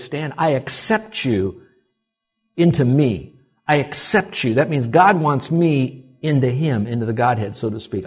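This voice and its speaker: Man, preacher, husky, animated, swings between soft and loud, church sermon. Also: mid-range voice. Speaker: pastor.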